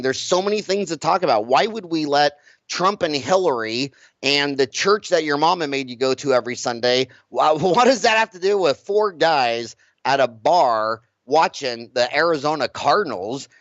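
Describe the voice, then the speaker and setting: A blunt, animated man with a somewhat high voice speaks as an interview guest, pushing his points hard and stumbling over repeated words. The sound is dry and close, but dull and lo-fi. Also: normal speed, dry recording. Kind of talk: casual interview talk. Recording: dull lo-fi recording.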